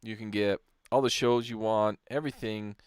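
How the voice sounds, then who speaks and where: A man co-hosting a podcast, relaxed and agreeable, often chuckling in casual banter. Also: lowish voice, normal speed, clean tone, no room sound, studio quality. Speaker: podcast co-host.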